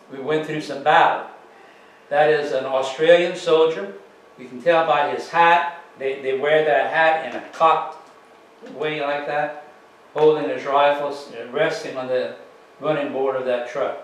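A man giving a slide presentation to an audience, telling it in an unhurried, folksy way with plenty of fillers. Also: a little high, fairly even intonation. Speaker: author giving a library talk. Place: public library meeting room. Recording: roomy, distant mic with faint ambience.

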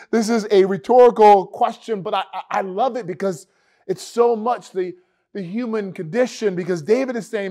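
A pastor preaches a sermon to an online congregation in a church worship video, his voice sitting high and warm at a normal speed. He speaks conversationally and repeats words for emphasis.

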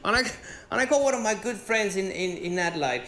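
Animated Venezuelan man doing stand-up. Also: high-pitched, fast. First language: Spanish. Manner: animated, swearing, rising to exclaim. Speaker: stand-up comedian. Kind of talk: stand-up comedy routine. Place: stage in a comedy venue with live audience. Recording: roomy live venue sound.

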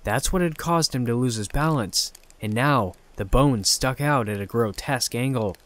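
A man narrating a scripted horror story in a calm, measured way. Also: mid-range voice, no echo.

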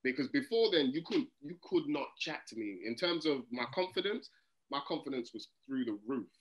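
A man's voice: medium pitch, expressive, normal speed, muffled recording. A man with a London accent, a comedian guest in a casual interview, telling stories with animation and acting out the voices of people he quotes. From England.

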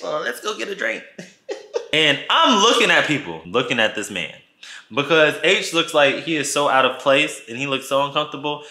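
A man's voice: mid-range voice, bright, forceful tone. A man telling a casual storytime to his channel, playful and dramatic, acting out the people he quotes, in an echoey room. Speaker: vlogger.

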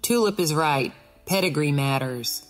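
A woman's voice: low voice, lively intonation, unhurried, faint music behind. A woman voicing a bossy, haughty female iris flower who talks curtly and imperiously in a storybook. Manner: imperious, curt.

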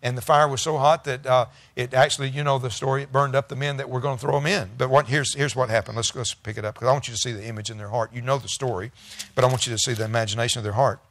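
Fast-talking preaching pastor, dry sound. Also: male voice, mid-range voice, steady tone, fairly bright tone, no echo. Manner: preaching with bursts of emphasis and congregation call-and-response; reads scripture aloud then paraphrases it conversationally. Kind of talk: sermon.

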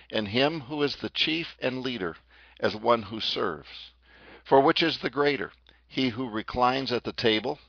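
Male preacher, gravelly voice, dry dull lo-fi recording, dramatic sermon storytelling. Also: medium pitch, dry recording. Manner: dramatic storytelling, slows on key phrases. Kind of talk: sermon narration retelling scripture.

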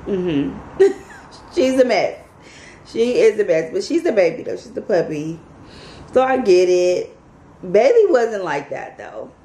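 A woman vlogger telling a story to her viewers in a casual, animated, chatty way. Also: medium pitch, takes it slowly, long pauses. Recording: echoey room, faint background noise.

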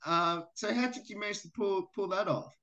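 The recording is muffled, but the radio interviewer's medium-pitched, fairly bright voice comes through a little fast. They ask athletes questions in a friendly way over video call and laugh between questions.

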